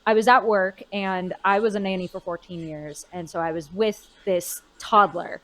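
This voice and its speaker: A woman's voice: medium pitch, moderate pace, low-quality recording. Chatty woman in her twenties. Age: 20s. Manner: chatty, expressive, many fillers and restarts. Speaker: voice actor guest. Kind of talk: convention interview.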